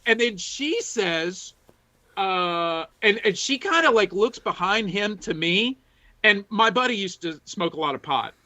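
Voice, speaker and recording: A man's voice: high-pitched, animated, a little slow, sharp tone. A man co-hosting a sports podcast, telling long rambling anecdotes full of fillers and restarts. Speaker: podcast co-host. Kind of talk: casual chat, storytelling. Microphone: desk mic, reads chat from screen.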